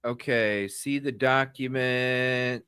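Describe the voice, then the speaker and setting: A man's voice: medium pitch, steady tone, slow, bright, forceful tone, smooth, no echo, studio quality. A man hosting a live news stream, talking in agitated, indignant bursts that ramble with restarts.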